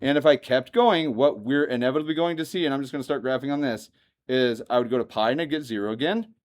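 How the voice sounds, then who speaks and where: A man teaching a math lesson to a classroom, lively and joking, often asking the students questions. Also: mid-range voice, fast talker. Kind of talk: classroom lecture.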